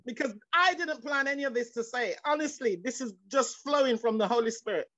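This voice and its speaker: A high-pitched woman with a fairly bright tone preaches a sermon briskly and fervently, her words tumbling out in repetitions and stumbling restarts before rising into cries of praise. It comes through a dull, lo-fi video call, dry and close with no room around it.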